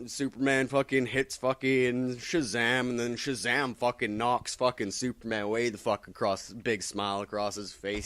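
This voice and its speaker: A man of average pitch talks through the week's comics in a loose, rambling way, dropping swear words into nearly every phrase. The sound is dry and close, with no room echo. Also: fairly even intonation, moderate pace, few pauses, a bit bright. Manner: rambling, heavy swearing, filler-laden. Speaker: comic book vlogger. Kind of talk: casual comic recap.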